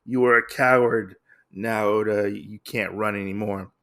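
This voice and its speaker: A man voicing a dying, vengeful noblewoman, speaking slowly and gravely in his own voice. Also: lowish voice, fairly even intonation, pushed and bright. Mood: grim. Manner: slow and grave.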